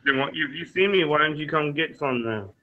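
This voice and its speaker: A man's voice: on the high side, animated, fairly quick, pushed and bright. A man from Boston, arguing heatedly and threatening, cursing throughout. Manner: confrontational, threatening, heavy cursing. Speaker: podcast guest. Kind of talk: heated argument. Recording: dull lo-fi line with faint noise.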